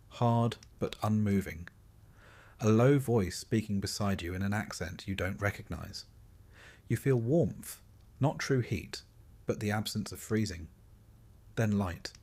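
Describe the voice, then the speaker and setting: Male narrator, slightly low voice, steady soothing delivery for a sleep story. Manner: calm, even second-person storytelling.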